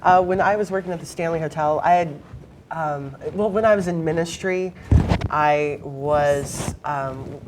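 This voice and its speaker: Low-voiced woman guest, blunt and emphatic, telling her story in an interview. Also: a little slow, background noise.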